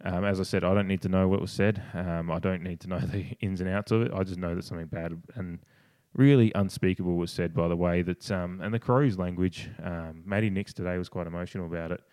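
A man's voice: steady tone, a little fast, darkish tone, no room sound. A man on a casual podcast, talking with passion and swearing, often restarting his sentences. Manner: passionate, swears, restarts and mimics others in a higher voice. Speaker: podcast co-host. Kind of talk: casual opinionated podcast talk.

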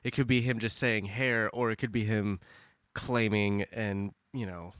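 Man, podcast co-host, joking casual chat, lowish voice, dry. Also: steady tone, a little slow, a bit bright, clear, resonant tone, no echo. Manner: laughing, loose and joking.

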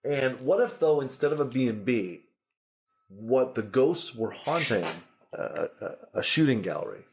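A man's voice: medium pitch, lively intonation, measured pace, darkish tone. A man hosting a casual comedy podcast, riffing playfully on silly ideas and laughing often. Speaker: podcast host. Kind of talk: casual improv chat.

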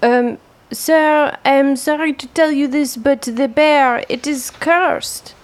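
A woman's voice: sits high, slow pace. A woman role-playing a polite, formal character at a tabletop game. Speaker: player.

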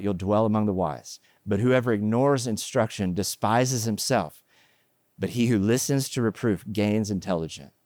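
A man's voice: lowish voice, dry recording. Middle-aged male pastor, casual sermon, playful asides, close dry mic. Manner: joking, animated asides, chatty fillers. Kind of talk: conversational sermon with humor.

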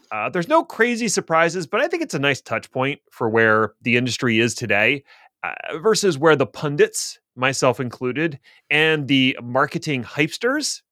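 A man's voice: medium pitch, fairly bright tone, no room sound. A man co-hosting a casual tech podcast, explaining things at length with dry, self-deprecating humor. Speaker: podcast co-host.

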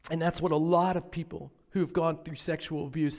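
A man preaching a sermon as a pastor, telling a story dramatically, swinging between hushed, near-whispered lines and impassioned, rising passages. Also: fairly high pitch, flat delivery, a little fast, creaky, in a large hall. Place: church auditorium.

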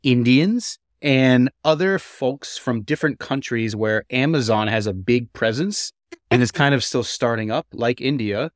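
Male podcast host, casual and rambling, restarts a lot, dry close sound, mid-pitched voice. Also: a little slow, no room sound. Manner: rambling, restarts often, poses questions.

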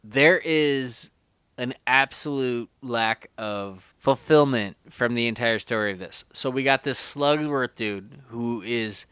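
A man's voice: medium pitch, takes it slowly, bright, forceful tone, clear, resonant tone, dry recording, studio quality. A man hosting a casual movie podcast, talking animatedly and slipping into mocking character voices. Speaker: podcast host.

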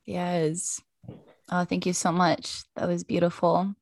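A woman's voice: fairly low pitch, little pitch movement, slow, no echo. A woman hosting a podcast chat, effusive and grateful in her words. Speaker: podcast host. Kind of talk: casual chat.

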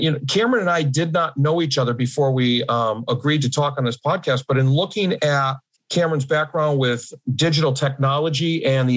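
A man hosting a podcast interview, reading a guest introduction and then chatting in a friendly, slightly formal way, laughing easily. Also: on the high side. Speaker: podcast host.

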